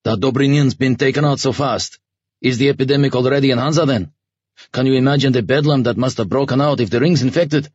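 A man voicing a blunt, hardened middle-aged military commander who speaks flatly and a notch louder than the narration. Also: mid-range voice, fast, husky, no echo, dull audio, voice pushed up, lightly acted. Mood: grim. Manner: flat, matter-of-fact, raised.

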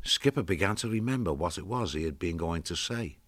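Deep-voiced guy narrating a storybook, measured, super dry close mic. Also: expressive, fairly bright tone, dry recording.

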